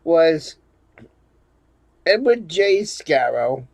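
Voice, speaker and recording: A man's voice: a little high, sing-song, extremely slow, vocal fry, a little mellow, no echo. A man from Rhode Island telling a rambling, profane story in a casual monologue to his viewers. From Rhode Island, USA. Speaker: vlogger.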